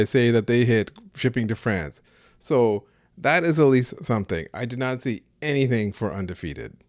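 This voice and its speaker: A man's voice: mid-range voice, no echo. Male podcast host, Canadian accent, casual analytical talk; resonant voice, dead-dry close mic. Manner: conversational, analytical, mildly exasperated. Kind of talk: casual solo commentary.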